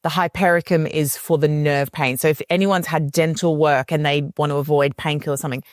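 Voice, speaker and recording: Low-voiced woman explaining remedies. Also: fairly quick, dry recording, clean studio sound. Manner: animated, acts out quoted voices of kids and parents. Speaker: homeopathy educator, guest. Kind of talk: casual podcast conversation.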